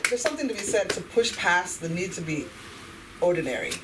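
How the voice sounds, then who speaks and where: A woman's voice: on the low side, sing-song, fairly quick. A woman chatting to a group in a casual, self-deprecating way. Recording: distant mic with noticeable room noise.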